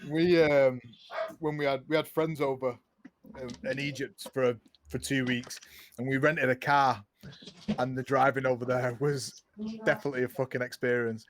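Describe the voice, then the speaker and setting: A man's voice: mid-range voice, little pitch movement, moderate pace, a little hiss or hum. A man guesting on a casual livestream chat, telling rambling stories and swearing casually.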